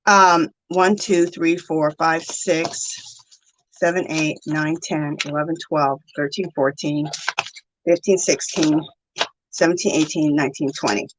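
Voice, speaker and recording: A woman's voice: sits low, steady tone, unhurried, background noise. A woman hosting a casual craft live stream, gushing thanks to viewers and counting aloud.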